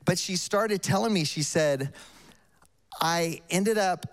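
A man's voice: high voice, slow. An older man preaching a sermon, telling a story in a conversational, emphatic way.

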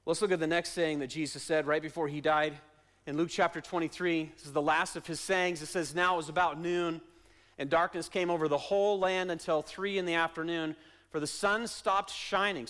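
A male pastor preaching a sermon in a church, using repeated questions and refrains and swinging between soft and loud delivery. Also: a little high, fairly even intonation, normal speed. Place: church sanctuary.

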